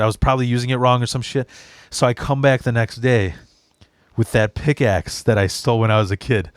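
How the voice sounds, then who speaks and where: Profane, rambling podcast host from Chicago. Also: male voice, medium pitch, a little fast, no room sound. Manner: profane, rambling, frequent restarts. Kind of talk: casual storytelling chat.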